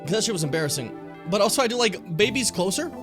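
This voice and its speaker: A man streaming a video game in casual commentary, excitable, swearing and shouting at enemies. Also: sits high, fast. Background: game music.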